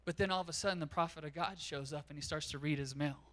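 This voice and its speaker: High, bright-voiced preaching man. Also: fast talker. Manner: animated storytelling, acts out quotes. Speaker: pastor. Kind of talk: sermon. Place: church.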